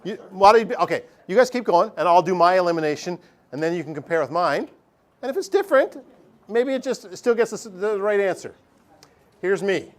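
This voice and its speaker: Pitched a touch high and speaking fairly quickly, a male math teacher runs a lively classroom lesson. He cracks jokes and addresses his students directly.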